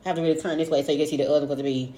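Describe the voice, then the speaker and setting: A woman co-hosting a casual podcast, loud and playful, swearing freely and slipping into mock voices. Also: low voice, steady tone, racing. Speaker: podcast co-host. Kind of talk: casual chat.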